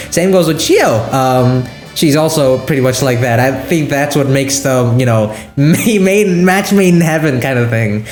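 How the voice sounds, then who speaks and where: Hyper excitable man interviewer. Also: mid-range voice, roomy sound. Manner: hyper, excitable, stumbling over words. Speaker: interviewer and show creator. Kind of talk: casual interview.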